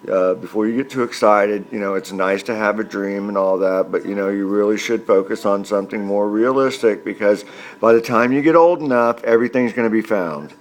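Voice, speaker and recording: A man voicing his blunt, dismissive middle-aged father in a low, quiet, deadpan tone. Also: a little fast, close to an everyday voice.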